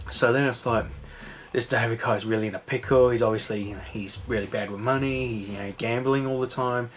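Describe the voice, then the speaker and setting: A man's voice: mid-range voice, fairly even intonation, moderate pace, slight background noise. A man rambling through a casual recap, full of fillers and swearing. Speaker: vlogger. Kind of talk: casual late-night recap chat.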